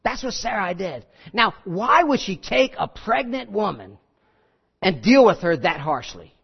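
A man's voice: high-pitched, sing-song, a little slow, gravelly, husky, highs cut off. A middle-aged male pastor preaching a conversational sermon and acting out the scenes he tells.

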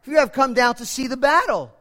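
A man's voice: extremely high pitch, fast, sharp tone, pitched above the performer's own voice. A man voicing a sarcastic, contemptuous older brother. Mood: sneering. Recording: echoey hall reverb.

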